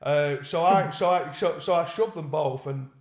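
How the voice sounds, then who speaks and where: A man's voice: a little high, normal speed. A young man, co-hosting a podcast and telling a story in casual chat, swearing and restarting often. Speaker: podcast co-host. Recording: echoey room.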